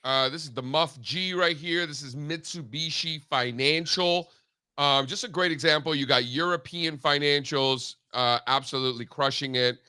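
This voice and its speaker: A man's voice: a little high, moderate pace, sharp tone, clean tone, dry recording. A man hosting a casual market talk show, chatting and joking with lots of fillers. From Cuban background. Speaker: show host.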